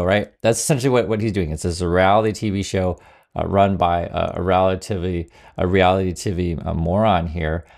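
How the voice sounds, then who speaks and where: A man's voice: low voice, steady tone, a little fast, vocal fry, darkish tone. A man hosting casual political commentary, sarcastic, with many fillers and restarts.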